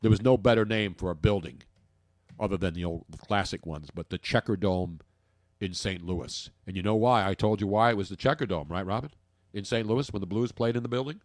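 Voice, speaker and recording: A man's voice: fairly low pitch, fairly quick, no echo, clean studio sound. A man hosting a casual sports podcast, rambling and joking with opinions. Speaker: podcast host.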